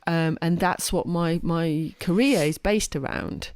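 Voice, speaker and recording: Podcast co-host, woman, lowish voice, dry sound, emphatic and self-correcting. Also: measured pace, a little mellow, no echo. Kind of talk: casual podcast chat.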